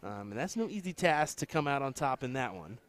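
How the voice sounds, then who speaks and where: A man commenting on a darts match on a live stream, with relaxed, joking banter. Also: mid-range voice, a little fast. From United States.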